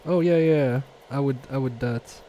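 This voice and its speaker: A man's voice: medium pitch, normal speed, warm tone, slight background noise. A man casually live-streaming a repair from his home workbench, reading viewer chat aloud and muttering to himself with self-mocking humor.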